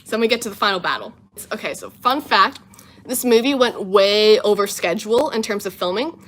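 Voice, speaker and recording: A livestream host in her twenties recaps a film from home, her medium-pitched voice moving a little fast. She tells the story with animation and voiced asides, though she's tired and running on little sleep.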